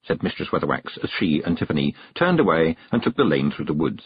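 A man narrating a storybook in a measured, expressive reading voice. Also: a bass voice, highs cut off, slight background noise. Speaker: audiobook narrator.

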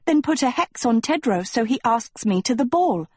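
A woman's voice: a little high, lively intonation, moderate pace, a little mellow, husky, no echo, voice pushed up. A woman voicing a pampered, vain young girl who whines and insists in a sing-song way. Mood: petulant. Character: high-pitched pampered vain girl, petulant.

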